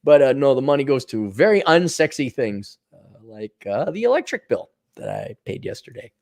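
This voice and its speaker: A man's voice: medium pitch, huge pitch swings, normal speed, a little mellow. A man hosting a solo podcast, reading out listener donations and ranting in a sarcastic, profane way. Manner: mocking put-on voices in asides. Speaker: podcast host.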